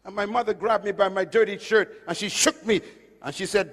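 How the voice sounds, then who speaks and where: A man preaching a sermon, emphatic, swinging from loud declarations to hushed lines. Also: sits high, a little fast. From Caribbean island. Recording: long hall reverb.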